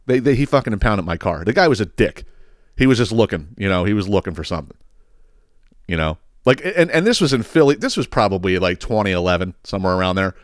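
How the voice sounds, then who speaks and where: Low-voiced man ranting fast. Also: no room sound, studio quality. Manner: profane, exasperated, rambling with repeated words. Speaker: podcast host. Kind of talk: casual storytelling rant.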